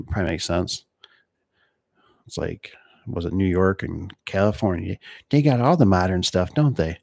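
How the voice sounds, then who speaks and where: A middle-aged man from Michigan with a deep, low voice talks casually to his viewers about door and gate work. He rambles from one story to the next. The sound is dry and close, with no room echo. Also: gravelly, a little mellow. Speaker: door and gate installer hosting a live stream. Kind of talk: casual chat reading viewer comments.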